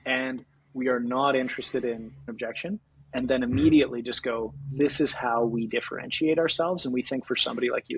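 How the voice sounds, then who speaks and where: Energetic Canadian man with a husky voice. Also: medium pitch, fairly quick, poor audio. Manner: energetic, laughs often, acts out sales calls. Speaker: podcast guest, sales executive. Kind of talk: casual podcast conversation.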